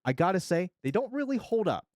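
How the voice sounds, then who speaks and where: A man's voice: sits high, sing-song, fairly quick, darkish tone, dry recording, clean studio sound. A man in his forties streaming casually, rambling and joking with chat and swearing freely. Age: 40s. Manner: rambling, profane, jokey, reacting to chat.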